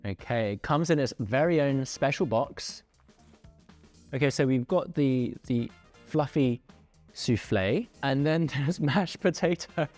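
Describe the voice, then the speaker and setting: A man hosting a casual food review, playful and animated as he describes each dish. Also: medium pitch. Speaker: food show host.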